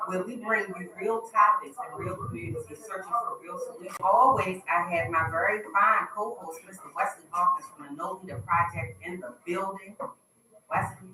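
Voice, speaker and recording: A woman's voice: lowish voice, fairly even intonation, normal speed, sharp tone. A woman hosting a talk radio show, making upbeat, chatty announcements from a studio. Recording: roomy, distant mic.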